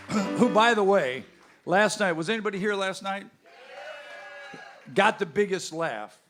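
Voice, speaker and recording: Bandleader MC, male, slightly high voice, folksy, jokey stage banter into a stage mic at a live venue. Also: lively intonation, measured pace, pauses often, music in the background, crowd noise. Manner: folksy, joking banter with the audience. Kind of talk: onstage band introductions. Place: live music venue with a crowd. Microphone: stage microphone.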